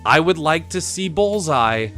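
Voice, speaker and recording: A man's voice: fairly high pitch, expressive, a little slow, a bit bright, faint music behind. A young man hosting a live stream, rambling with enthusiasm and frequent laughs as he chats casually. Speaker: stream host.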